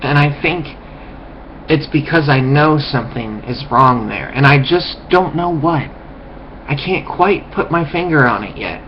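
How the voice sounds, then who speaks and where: A man rambles through a contemptuous rant at a slow, dragging pace, stumbling and restarting his phrases. His voice sits at an average pitch. The recording is dull and lo-fi with a faint background hiss. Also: animated. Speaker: vlogger. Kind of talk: ranting monologue.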